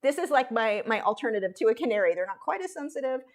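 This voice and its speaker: A woman's voice: fairly high pitch, lively intonation, quick pace. Chatty woman artist streaming live. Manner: chatty, rambling, self-deprecating, many restarts. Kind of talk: casual live-stream chat while drawing.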